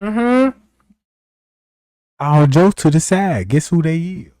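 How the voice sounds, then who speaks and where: A man hosting a livestream, talking straight to his viewers in a mocking, animated way. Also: a little high, slow, dry recording, studio quality. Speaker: stream host. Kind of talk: livestream commentary.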